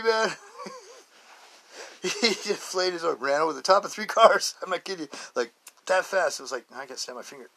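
A man's voice: mid-range voice, pushed and bright. A man hosting his own podcast, rambling through a casual, joking monologue, laughing often and drifting between stories and life advice. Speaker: podcast host.

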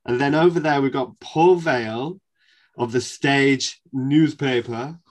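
A man's voice: mid-range voice, slow pace. A man with a Northern English accent hosting a casual panel chat about theatre, chatty and laughing easily. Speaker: podcast host.

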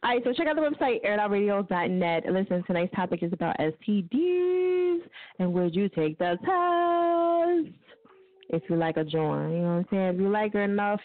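A woman's voice: medium pitch, narrow, tinny audio. Laughing, foul-mouthed woman radio host. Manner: loose, laughing, profane banter. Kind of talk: casual call-in radio talk.

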